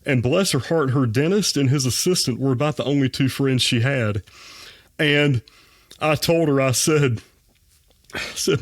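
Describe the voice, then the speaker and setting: A man's voice: medium pitch, a little slow, long pauses, dry recording, studio quality. Folksy man telling a story. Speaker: dentist, podcast guest. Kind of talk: personal anecdote in a podcast interview.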